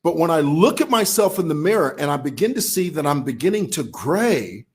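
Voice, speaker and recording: A man's voice: a little high, sing-song, fairly quick. A man from Zambia with a Zambian accent, talking casually to camera as a vlogger who laughs while he talks. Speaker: vlogger commentator.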